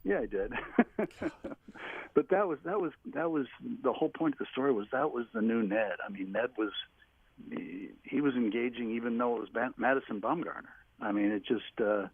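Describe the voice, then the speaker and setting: A man's voice: mid-range voice, normal speed, husky, no echo. A man in his home office calling in to a radio talk show, telling long rambling stories with many restarts. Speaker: guest telling stories, former team staffer. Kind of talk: phone-in radio interview, anecdotes. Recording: tinny phone line.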